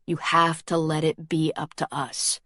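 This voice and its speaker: A woman reading an audiobook and voicing an earnest, stubborn grown man who talks bluntly and a bit gruffly. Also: deep voice, flat delivery, a little slow, pushed and bright, dry recording, studio quality, heavily acted. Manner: blunt, plain-spoken, a little gruff. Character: earnest stubborn grown man, defending his new love.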